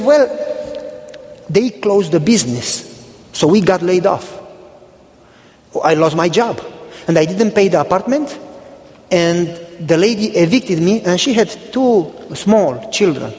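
High-voiced Romanian-born pastor preaching. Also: male voice, moderate pace, long reverb tail. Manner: animated storytelling, acting out dialogue. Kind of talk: storytelling sermon.

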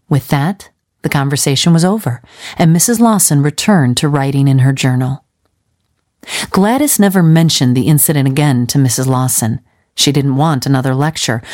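Low-voiced woman reading a story. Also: darkish tone. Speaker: audiobook narrator. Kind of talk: storybook narration.

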